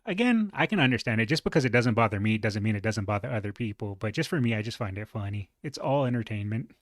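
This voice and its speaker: A man with a moderately deep voice reacting to a video in a relaxed, chatty way, thinking aloud with fillers. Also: quick pace, dry recording, clean studio sound. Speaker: reaction streamer. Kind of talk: casual reaction commentary.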